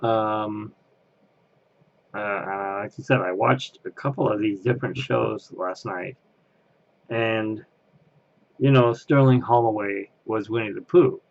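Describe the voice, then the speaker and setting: A man's voice: on the low side, slow, pauses often, lo-fi sound. A man chatting casually on camera as an interviewee, rambling and laughing at himself. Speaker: Disney fan interviewee. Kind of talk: casual chat.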